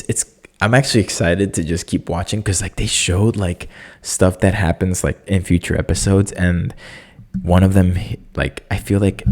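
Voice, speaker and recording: A young man hosting a casual solo podcast, talking in an animated, jokey way with lots of fillers. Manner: animated, jokey, many fillers, squeaky excited impressions. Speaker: podcast host.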